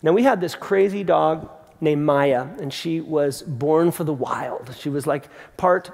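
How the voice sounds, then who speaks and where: Gravelly pastor preaching in a reverberant theatre. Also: male voice, fairly high pitch, a little slow. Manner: conversational, animated storytelling with emphatic repeats. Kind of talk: sermon. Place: large theatre. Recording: long hall reverb from a theatre.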